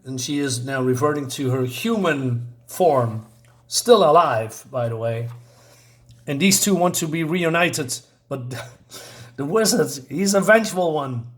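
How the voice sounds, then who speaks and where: A man's voice: on the high side, animated, measured pace. Man casually recapping a comic. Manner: rambling, reads character lines aloud between asides. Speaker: comic book reviewer.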